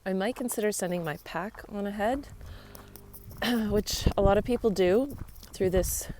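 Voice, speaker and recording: A woman's voice: medium pitch, measured pace, a little mellow, slight background noise. A woman chatting upbeat and easily into a handheld phone while walking outdoors on a rural trail, laughing easily. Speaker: vlogger on a long-distance walk. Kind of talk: casual travel vlog.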